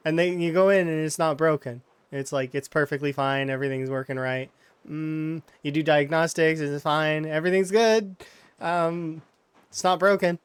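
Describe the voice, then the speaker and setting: A man's voice: a little high, steady tone, normal speed, clean tone, no room sound. A man giving casual, rambling commentary while playing a game, often restarting his words and brushing off complaints. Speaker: streamer.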